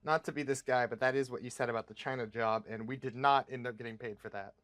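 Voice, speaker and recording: A man's voice: mid-range voice, fairly even intonation, fast, fairly bright tone, voice pushed down, close to an everyday voice. A man voicing a skeptical crew member who speaks in a hesitant, dry way.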